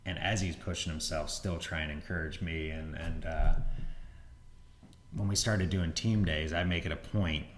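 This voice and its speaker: A man with a very low voice talks in a loose, rambling way as a podcast host. The room rings with echo and a faint hum sits behind him. He slips into bigger voices when he quotes people. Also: moderate pace. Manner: relaxed, rambling, acts out quotes with a raised voice. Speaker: gym owner and podcast host. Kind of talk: casual podcast chat. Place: gym. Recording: roomy echo with faint ambience.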